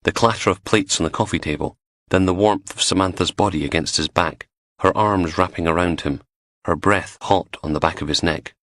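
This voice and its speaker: A man with a very deep voice reads an audiobook in steady, measured scripted narration. He is recorded close and completely dry, with no room sound. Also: dry recording.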